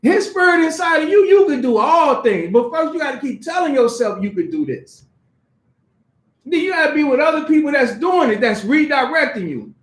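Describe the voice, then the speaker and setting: Male pastor, very high voice, casual conversational sermon full of acted asides, recorded in a reverberant church hall. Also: very animated, moderate pace, a bit bright.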